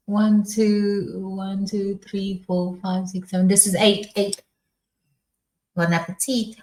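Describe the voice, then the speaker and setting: A British woman from the United Kingdom vlogging a spicy food challenge, reading trivia aloud in a slow, halting way. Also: mid-range voice, flat delivery, a little mellow, a little hiss or hum. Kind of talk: casual vlog talk, reading trivia aloud. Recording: echoey room.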